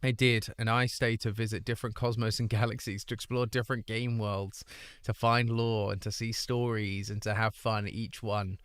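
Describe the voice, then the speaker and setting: A man's voice: lowish voice, level tone, moderate pace, a bit bright, clear, resonant tone, dry recording, studio quality. A British man hosting a charity livestream, chatting casually and upbeat while reading out and greeting his viewers. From Britain. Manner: upbeat, reads chat aloud and greets viewers. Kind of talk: casual live-stream chat. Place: home streaming room.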